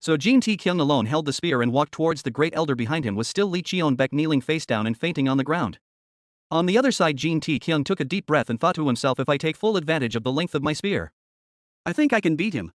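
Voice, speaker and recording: A man narrating a comic story recap in a rushed, even storytelling manner. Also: fairly high pitch, no room sound, studio quality.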